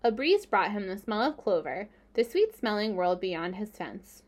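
A woman narrating a children's book aloud in a gentle, steady storytelling manner. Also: medium pitch, moderate pace.

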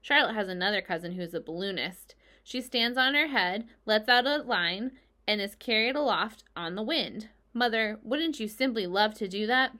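A woman's voice: medium pitch, lively intonation, moderate pace, bright, forceful tone. A woman voicing an imaginative young farm girl who insists eagerly on her tales.

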